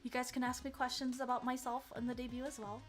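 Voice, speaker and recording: A young woman streaming casually, excitable and giggly, with lots of fillers and restarts. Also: sits high, fast talker, soft background music. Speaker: VTuber streamer. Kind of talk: casual livestream chat.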